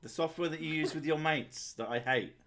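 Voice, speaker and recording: A man's voice: fairly high pitch, a little fast, a bit bright, a little hiss or hum. A man co-hosting a casual livestream, joking and teasing, swearing now and then. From England. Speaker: streamer co-host.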